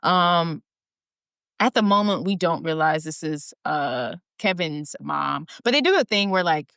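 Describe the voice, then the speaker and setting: A woman's voice: sits low, lively intonation, creaky, a bit bright, clear, resonant tone, dry recording, clean studio sound. A woman co-hosting a podcast, telling a movie's plot in a casual, chatty way. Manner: chatty storyteller, quick asides and laughs. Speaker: podcast co-host. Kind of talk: casual movie recap chat.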